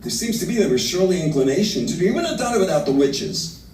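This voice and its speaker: A man teaching a livestreamed literature lesson, animated and reading verse slowly and dramatically. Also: fairly high pitch, slight background noise. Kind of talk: livestreamed lecture. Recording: roomy, from far off the mic.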